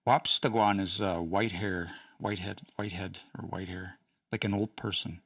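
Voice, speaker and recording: A man's voice: deep voice, fairly even intonation, a little slow, a bit bright, no echo, studio quality, far from the mic. A man hosting a casual study session, thinking aloud with hesitant restarts and small chuckles. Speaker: host studying a language.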